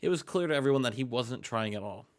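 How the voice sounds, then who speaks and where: A man's voice: mid-range voice, animated, fast. A young man co-hosting a gaming show, chatting casually with dry reactions. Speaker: game show co-host. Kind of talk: casual chat.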